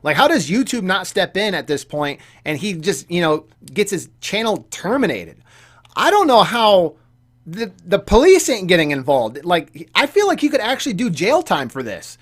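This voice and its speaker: A man's voice: sits high, very animated, moderate pace, a bit bright. A young man delivering a casual commentary rant, heated and repetitive, with frequent stammering restarts. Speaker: gaming YouTuber commentator.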